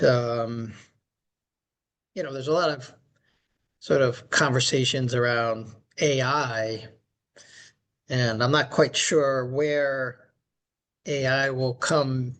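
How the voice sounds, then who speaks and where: Male podcast co-host, mid-pitched, unhurried and thoughtful; a coach chatting casually. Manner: slow, reflective, measured.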